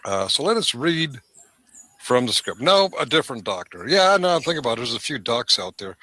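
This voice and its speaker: A man's voice: mid-range voice, sharp tone, no room sound. A man hosting a live stream, with rambling, sarcastic commentary into a desk microphone. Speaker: stream host.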